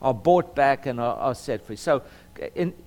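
This Bible lesson comes from a middle-aged Southern Californian lawyer speaking earnestly like a preacher, at a medium pitch with an expressive, darkish tone. "Um" fills his pauses, and he often repeats himself.

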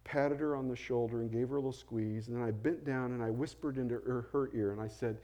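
A middle-aged man, a pastor, telling stories in a sermon in a conversational way, going soft and low when he quotes people. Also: steady tone, fast, few pauses. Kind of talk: storytelling sermon.

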